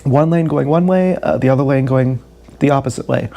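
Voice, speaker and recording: This man speaks in a mellow, creaky mid-range voice at a fairly quick clip. He's a vlogger recounting his day at length, cursing freely, poking fun at himself, speaking candidly and circling back over the same points.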